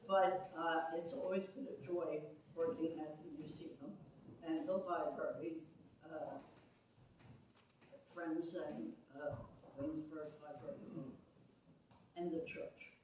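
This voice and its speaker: A woman giving a humble, halting acceptance speech at a banquet. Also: deep voice, steady tone, noisy background. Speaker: award recipient. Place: banquet hall. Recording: echoey banquet hall, distant mic.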